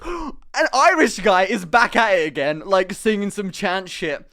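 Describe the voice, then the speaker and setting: Chatting on a live stream, a high-voiced young man spins a casual story, quick to laugh and animated throughout. He doesn't hold back on the swearing.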